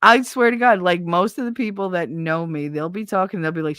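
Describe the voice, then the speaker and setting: A woman's voice: on the low side, a little fast, few pauses, fairly bright tone, clear, resonant tone, no room sound. A middle-aged woman live-streaming, chatting casually and reading out viewer comments, blunt, profane and sarcastic, often laughing.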